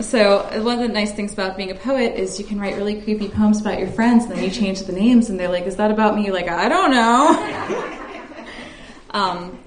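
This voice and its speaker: A woman poet at a live reading, chatting briefly with the audience and then reciting her poem in a measured way. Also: mid-range voice, slight background noise. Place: stage at a live reading event. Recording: echoey room.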